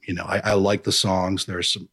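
A man's voice: sits low, little pitch movement, normal speed, fairly bright tone, husky. A man hosting a casual chat, rambling and jokey, who slips into impressions.

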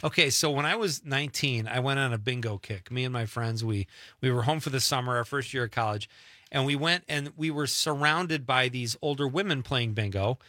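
A man's voice: mid-range voice, fairly quick, bright, forceful tone, dry recording, clean studio sound. A man hosting a late-night radio show, chatting casually and joking as he reads listener texts aloud.

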